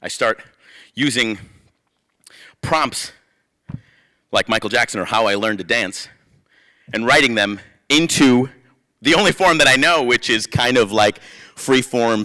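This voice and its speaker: A man, a playwright and performer, reading spoken-word verse and telling stories in an animated way, acting out the voices of people he quotes. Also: mid-range voice, a little slow, long pauses.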